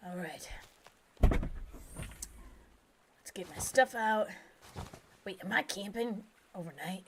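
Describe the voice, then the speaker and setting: A young woman streaming a horror game, whispering game text softly and then chatting loudly and excitedly. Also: medium pitch, very slow, heavy background noise. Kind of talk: live gameplay commentary.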